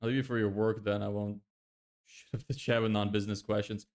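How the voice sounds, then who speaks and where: A man's voice: fairly low pitch, flat delivery, fairly quick, darkish tone. A young man casually chatting on a live stream, exasperated and swearing often as he answers viewers. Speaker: livestreamer.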